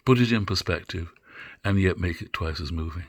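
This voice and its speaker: An older man giving an unscripted lecture on drama, musing and halting, with many fillers and restarts. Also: low voice, no echo.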